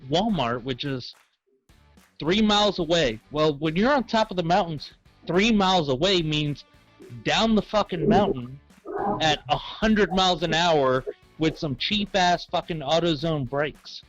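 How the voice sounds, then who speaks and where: A man's voice: on the high side, animated, measured pace, fairly bright tone, dry recording, highs cut off, faint music behind. A man with a Southern American accent, telling rambling comic stories in casual chat and acting out the voices of other people.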